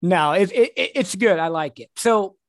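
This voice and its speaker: A man's voice: sits high, lively intonation, moderate pace, no room sound, studio quality. A man hosting a casual podcast interview, affirming his guest and asking reflective questions. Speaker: podcast host, sales professional.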